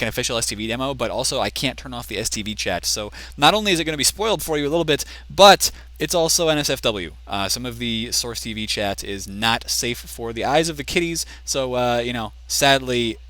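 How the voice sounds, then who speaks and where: A man's voice: medium pitch, sharp tone, dry recording. A man commentating a competitive team shooter match live as caster, rambling and thinking aloud, with a voice worn thin from a long event. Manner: rambling, restless, thinks aloud, chides the camera. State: losing his voice. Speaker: esports shoutcaster.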